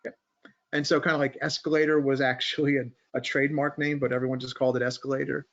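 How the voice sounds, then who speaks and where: A man hosts a loose chat about stock charts, thinking out loud and turning to his co-hosts for input. His voice sits at a middle pitch. The sound is a little dull and muffled. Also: level tone, fast talker. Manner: rambling, thinks aloud, asks co-hosts for input. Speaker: host of a markets podcast.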